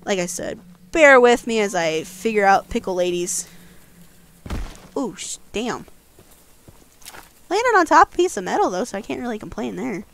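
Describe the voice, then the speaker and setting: A woman giving casual let's-play commentary as a guest host, jumpy and quick to yelp when frightened. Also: medium pitch, sing-song, creaky, a little hiss or hum. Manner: jumpy, yelps and squeals when scared.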